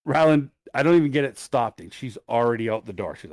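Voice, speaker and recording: A middle-aged man, co-hosting a podcast, tells an animated, profane story in casual chat. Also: mid-range voice, quick pace, no room sound, clean studio sound. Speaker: podcast co-host.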